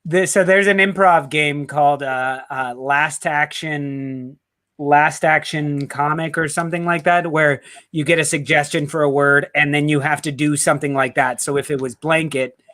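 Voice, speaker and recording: A man co-hosting a football fan show over a video call, joking, animated and laughing often. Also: a little high, normal speed. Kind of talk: casual banter on a live video show.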